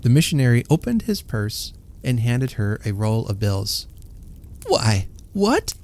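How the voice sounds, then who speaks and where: Gravelly, lilting male storyteller. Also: mid-range voice, normal speed. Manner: expressive, lilting narration. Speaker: podcast host. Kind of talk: storybook reading.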